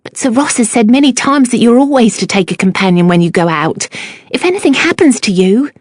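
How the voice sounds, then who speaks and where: A woman's voice: a little high, expressive, fairly quick, darkish tone, no echo, pitched above the performer's own voice. Anxious cookmaid voiced by a woman, hesitant and fretful, period storybook character, dry recording. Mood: worried. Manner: hesitant, worried.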